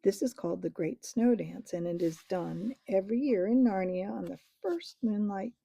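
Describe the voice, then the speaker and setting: A woman reading a storybook aloud in a gentle, measured way. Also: medium pitch, gravelly, slightly rough, no echo. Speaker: audiobook reader.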